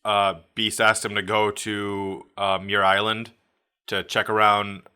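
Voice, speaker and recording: A man's voice: fairly low pitch, completely flat delivery, slow pace, pushed and bright, clear, resonant tone. A man co-hosting a podcast, recapping a comic in rambling casual chat.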